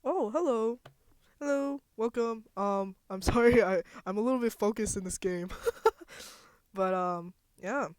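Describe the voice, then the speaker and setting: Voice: medium pitch, a little slow, clean tone, dry recording. A streamer reading a visual novel aloud on a live stream and reacting with emotion, exclaiming often and laughing between lines.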